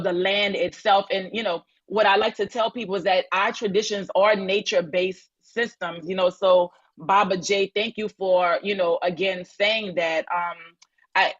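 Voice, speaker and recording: A woman from New Orleans speaking in a live audio-chat room, telling stories effusively, with many restarts. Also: medium pitch. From New Orleans, USA. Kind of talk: casual chat. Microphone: phone in an audio-chat app. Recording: lo-fi online audio-room sound.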